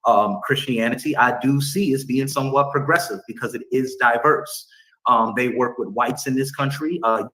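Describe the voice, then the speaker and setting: A man in a played debate clip making a measured argument with frequent pauses and fillers. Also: mid-range voice, bright, forceful tone, low-quality recording.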